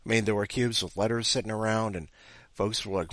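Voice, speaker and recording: A man's voice: fairly low pitch, steady tone, brisk, a bit bright, no room sound. A man hosting a comedic podcast, rambling and self-mocking as he reads listener stories. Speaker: podcast host. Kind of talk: comedic podcast chat and story reading.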